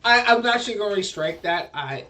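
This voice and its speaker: A man's voice: high voice, lively intonation, brisk, far from the mic, background noise. A man narrating a tabletop game as dungeon master, rambling and hesitant.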